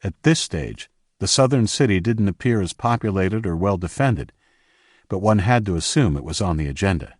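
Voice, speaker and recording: A man narrating an audiobook in a steady, measured way. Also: sits low, no room sound, studio quality.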